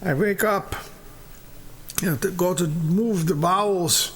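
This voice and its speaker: A man's voice: high voice, slow, a bit bright, voice pushed up, full character voice. A man doing a complaining elderly man. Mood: commiserating. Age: older. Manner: commiserating complaints. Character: commiserating elderly man, grumbling.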